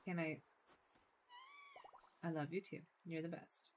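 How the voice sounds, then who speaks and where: A woman's voice: deep voice, fairly even intonation, unhurried, slight background noise. Chatty woman joking through gameplay. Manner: chatty and joking, talks to the game characters. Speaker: let's play streamer. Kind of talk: casual gameplay commentary.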